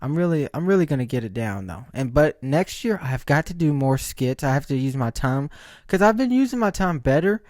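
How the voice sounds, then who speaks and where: A man's voice: a little high, big pitch swings, a little fast, a little mellow, no echo, studio quality. Rambling, joking male podcast host. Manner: rambling, joking, laughs often; asks rhetorical questions. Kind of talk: casual solo storytelling.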